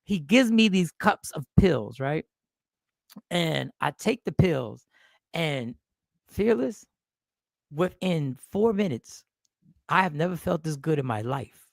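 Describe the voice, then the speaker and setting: A man hosting a casual talk show, telling a personal story in an animated way, repeating himself. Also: on the high side, takes it slowly, creaky, pauses often, no echo, clean studio sound. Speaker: host.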